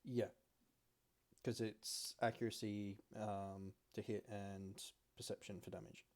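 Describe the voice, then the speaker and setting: A game master running a tabletop game, explaining rules in a relaxed, casual way. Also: deep voice, slow pace.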